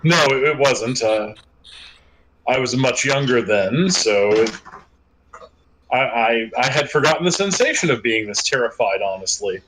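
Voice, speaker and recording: A man's voice: mid-range voice, lively intonation, a little slow, noisy background, voice pushed down, lightly acted. A man playing a shaken ancient vampire. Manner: hushed, shaken and hesitant. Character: ancient frightened male vampire elder.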